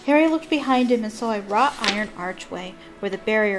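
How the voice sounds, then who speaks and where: A woman's voice: medium pitch, fairly quick, music in the background. A woman reading a novel aloud expressively, breaking off for chatty asides with ums.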